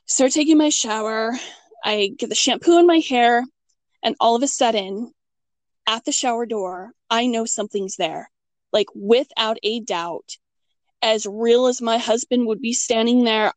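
A middle-aged woman with a somewhat high voice tells a personal story in relaxed conversation. She gets animated, jumping up in pitch when she acts out what she said. The sound is close and dry, with no room around it. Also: a little slow, no echo. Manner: animated, acts out quotes with big pitch jumps and laughs. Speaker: guest telling a ghost story. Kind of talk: casual storytelling chat.

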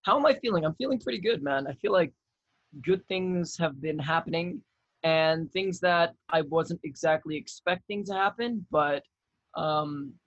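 A young adult man talking as a relaxed guest on a podcast over a video call. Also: fairly high pitch, moderate pace, no echo, dull audio. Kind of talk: casual podcast chat.

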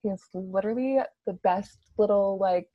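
A woman's voice: medium pitch, normal speed, no room sound, dull audio. A woman chatting casually and gushing enthusiastically, with lots of "like" fillers. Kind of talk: casual chat.

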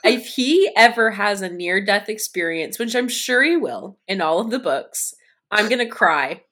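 A young woman in casual chat about a book, animated and dramatic, laughing as she reacts. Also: mid-range voice, a little slow.

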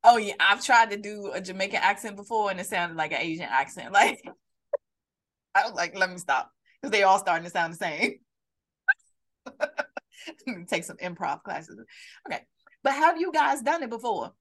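A woman's voice: mid-range voice, expressive, normal speed, long pauses, a little hiss or hum. A woman co-hosting a live podcast, talking bluntly and animatedly and putting questions to her listeners over a video call. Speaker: podcast co-host. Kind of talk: casual chat on a live stream.

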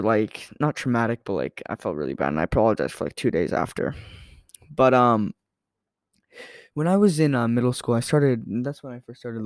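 Young dude rambling thru stories, like, tons of fillers, dry close sound. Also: male voice, mid-range voice, a little mellow, dry recording. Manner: rambling, filler-heavy, self-correcting. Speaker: podcast host. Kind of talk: casual storytelling monologue.

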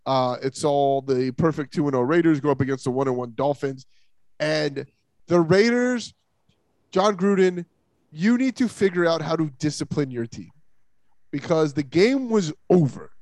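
A man's voice: on the high side, expressive, normal speed, darkish tone, no echo. A man hosting a casual sports podcast, opinionated and emphatic, often stumbling over restarts. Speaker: podcast host.

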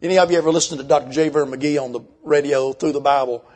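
An older man preaching a sermon, folksy and emphatic, slowing down when he reads scripture. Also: fairly high pitch, steady tone, darkish tone.

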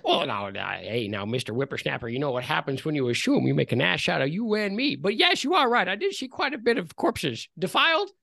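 A woman's voice: sits low, lively intonation, a little fast, gravelly, few pauses, fairly bright tone, no echo, clean studio sound, exaggerated voice. A woman playing a folksy, rambling elderly man in a tabletop game.

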